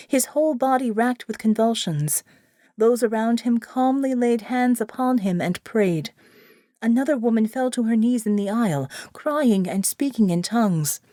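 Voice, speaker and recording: A woman narrating an audiobook thriller in a measured, steady way. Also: a little high, dry recording, clean studio sound. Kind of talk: scripted narration.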